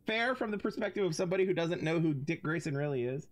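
A game streamer in casual let's-play commentary, reading in-game text aloud and bursting into loud laughter, with casual swearing. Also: medium pitch, animated, fast, few pauses.

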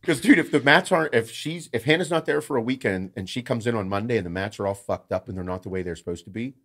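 A man co-hosting a podcast, chatting casually and telling animated, profanity-heavy stories about his family. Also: mid-range voice, fast talker, few pauses. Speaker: podcast co-host. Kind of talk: casual chat.

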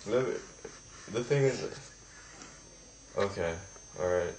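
A man's voice: on the low side, takes it slowly, darkish tone, reverberant, slight background noise. A young man playing a stressed son calling his mother, hesitant and sighing.

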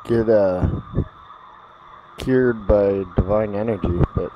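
A man playing in a tabletop game, speaking casually and haltingly. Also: on the low side, lo-fi sound. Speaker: player. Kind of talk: tabletop game play over voice chat. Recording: loud hiss on a home mic.

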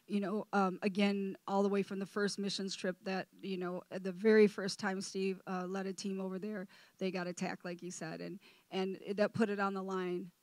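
A middle-aged woman preaching her testimony, impassioned, sometimes rising to near shouting. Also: mid-range voice, level tone, normal speed, dry recording. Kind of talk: testimony sermon. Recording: music playing behind.

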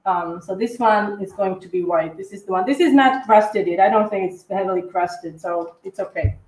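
A woman co-hosting a live cookie-decorating tutorial, chatting in a halting way with lots of fillers and restarts. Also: medium pitch, a little mellow, echoey room, poor audio. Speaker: cookie decorating livestream co-host. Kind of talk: casual tutorial chat while decorating.

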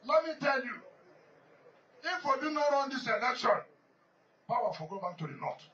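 A man with a Nigerian accent speaks high in his register, pressing his points with repetition as he rambles through a public speech. He sounds set back from the microphone, and the recording is dull and muffled, with a light hiss underneath. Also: bright, forceful tone, far from the mic. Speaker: politician addressing a gathering.

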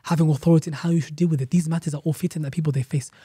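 Fast-talking man teaching religion. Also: a little high, steady tone, mellow, breathy edge, no echo, studio quality. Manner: emphatic, repeats key phrases, asks rhetorical questions. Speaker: Islamic teacher, podcast guest. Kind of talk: explanatory religious talk.

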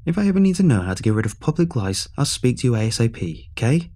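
A man's voice: medium pitch, very animated, quick pace, mellow. A man voicing a chirpy, mocking young man trapped inside a beer can, who taunts and bosses the listener with sarcasm. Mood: bossy. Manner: taunting and bossy, snapping sarcastically.

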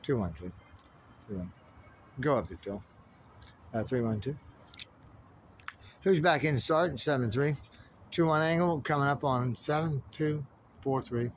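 A man's voice: medium pitch, lively intonation, measured pace, pauses often, slight background noise. A man in a rambling monologue, muttering strings of numbers and codes to himself. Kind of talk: stream-of-consciousness monologue.

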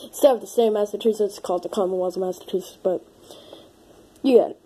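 A woman making a casual comedic vlog, talking in an excitable way that breaks into panicky exclamations. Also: medium pitch, fast, slight background noise. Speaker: video creator.

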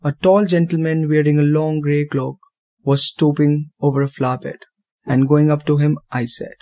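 A man narrating a first-person story for students in a measured, expressive manner. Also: on the high side.

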